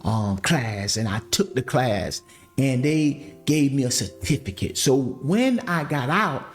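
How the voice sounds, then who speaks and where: A man's voice: mid-range voice, animated, slow pace, soft background music. A man telling his life story in a podcast, speaking animatedly and calling his listeners family. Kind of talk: casual testimony storytelling.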